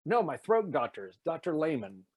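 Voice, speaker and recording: Animated voice actor with a light Tennessee accent. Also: male voice, a little high, moderate pace, slightly rough, no room sound. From Nashville, Tennessee. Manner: animated, slips into impressions. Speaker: voice actor guest. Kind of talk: casual interview storytelling.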